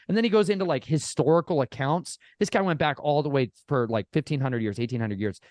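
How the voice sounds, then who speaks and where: A man talking casually as a podcast guest, folksy and animated, often addressing listeners as y'all. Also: medium pitch, no room sound, studio quality. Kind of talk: casual storytelling chat.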